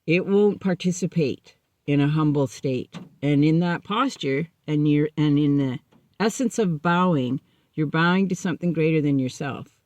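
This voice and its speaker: A woman's voice: low voice, moderate pace, a little mellow, dry recording, natural voice. A woman voicing a male recovery sponsor she once knew, who gives direct, matter-of-fact advice. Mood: earnest.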